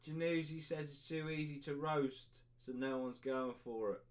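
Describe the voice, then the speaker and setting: A man's voice: on the high side, steady tone, normal speed, noisy background. A young man hosting a podcast, reading out chat comments in crude, jokey banter with lots of laughing. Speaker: podcast host.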